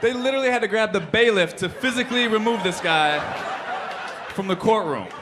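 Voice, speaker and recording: A man's voice: high-pitched, fairly quick. A man performing a stand-up comedy set on a club stage, telling stories with punchy punchlines into a handheld mic. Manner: animated storytelling, punchy punchlines. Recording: live club audience laughter and room noise.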